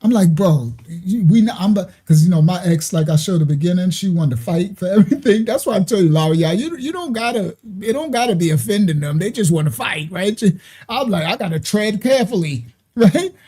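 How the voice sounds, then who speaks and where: A man's voice: high voice, expressive, fairly quick, dark tone, slightly rough. A man hosting a ministry livestream who teaches casually, answers viewer comments, tells loose stories and laughs often. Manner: laughs often, loose storytelling, frequent "right?". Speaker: ministry host.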